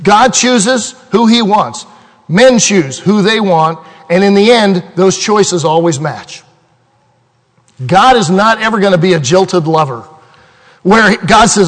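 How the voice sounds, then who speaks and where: A man preaching a sermon as pastor, earnest and emphatic, slowing down to stress key points. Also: sits high, expressive, long reverb tail, poor audio. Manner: earnest, emphatic preaching with slowed dramatic phrasing.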